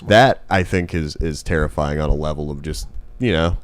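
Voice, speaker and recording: Deep-voiced man, dry close sound. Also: moderate pace, clear, resonant tone, no echo. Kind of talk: casual discussion.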